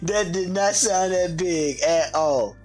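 A man's voice: high voice, takes it slowly, over loud music. A man trading playful trash talk in casual podcast banter, his voice compared to a famous comedian's.

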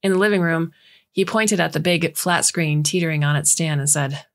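A woman reading a short story aloud in a measured storytelling manner as scripted narration. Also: low voice, steady tone. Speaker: audiobook reader.

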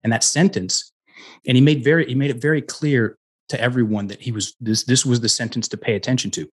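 A man's voice: mid-range voice, fairly even intonation, brisk, breathy edge. A middle-aged man, a guest coach, telling personal stories in an interview, earnest and full of restarts. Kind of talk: conversational storytelling interview.

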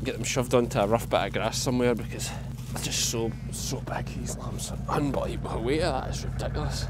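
A Scottish sheep farmer chats casually to the camera while working sheep with his dog on a farm hillside outdoors, narrating like a vlog. His mid-range voice is brisk, with background noise behind it.

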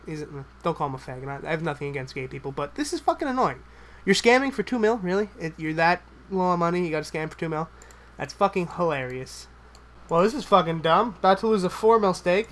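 Excitable swearing man commentating gameplay. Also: sits high. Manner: excitable, swears a lot, yells at the game; swings from muttering to shouting. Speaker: gamer.

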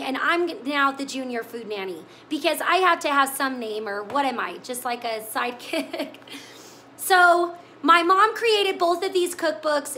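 A woman's voice: high voice, sharp tone, slight background noise. A woman hosting a live cooking stream, chatting with viewers in an emotional, tearful way. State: crying. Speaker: cooking show host. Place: home kitchen.

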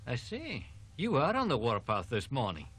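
A man's voice: mid-range voice, wildly swooping pitch, moderate pace, fairly bright tone, breathy edge, heavily acted. An actor playing an easygoing male student friend in a horror audiobook drama. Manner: easygoing, obliging.

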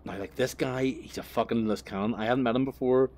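A man's voice: medium pitch, fairly even intonation, a little fast, darkish tone. A young man telling a crude, rambling anecdote while he drives, swearing freely and breaking off to laugh, recorded in his car. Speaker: vlogger.

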